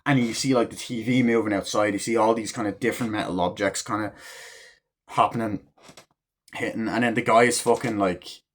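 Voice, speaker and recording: Speaking a little fast in a low register, a man reviews a movie casually, cursing freely and performing the characters' quotes with excitement as he recounts the scenes.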